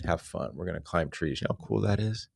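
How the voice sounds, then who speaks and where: A man's voice: low voice, animated, quick pace, vocal fry, darkish tone, no echo. A man in his forties giving a casual fitness lesson, laid-back and slangy, rambling with asides. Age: 40s. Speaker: fitness instructor. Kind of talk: casual unscripted fitness talk.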